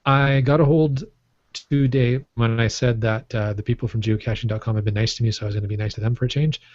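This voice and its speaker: A man's voice: mid-range voice, fairly even intonation, fast, darkish tone, no room sound. Podcast co-host, male, rambling and joking, dry and slightly dull recording. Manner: rambling, jokey, laughs often. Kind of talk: casual chat. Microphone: microphone on a stand. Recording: muffled, dry podcast audio.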